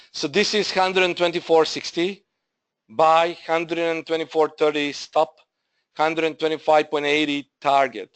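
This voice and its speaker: Slow-talking man presenting a trading webinar. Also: a little high, fairly bright tone, clear, resonant tone. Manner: halting, repeats himself, addresses viewers as "guys". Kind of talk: live trading webinar walkthrough.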